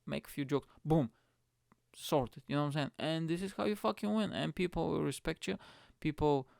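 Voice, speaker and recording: A man hosting his own solo podcast, rambling and excitable, swearing freely as he rants to listeners. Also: on the high side, normal speed, gravelly, no room sound, studio quality. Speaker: podcast host.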